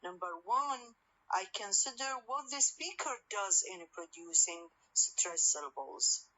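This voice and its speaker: A woman university lecturer, giving a recorded lecture slowly and deliberately, repeating key words with frequent hesitations. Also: mid-range voice, expressive, sharp tone, slight background noise, rough recording.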